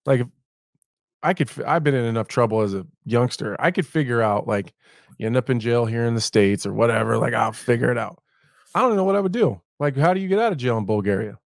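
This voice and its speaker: A man of medium pitch chats on a podcast, laughing often and hedging as he talks. His voice is close and dry, with no room sound. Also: animated, fast talker, creaky, no room sound. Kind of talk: casual chat.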